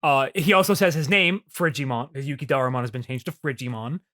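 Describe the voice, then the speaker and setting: A young adult podcast co-host rambles casually about an anime episode, full of fillers and restarts. The voice is medium-pitched, fairly bright, and quick.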